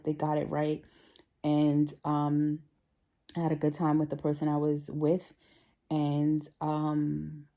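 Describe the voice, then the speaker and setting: A woman talking casually, telling stories in a chatty way and acting out what her coworkers said. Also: low voice. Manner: chatty, animated quoting of coworkers. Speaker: vlogger. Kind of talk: casual storytelling vlog.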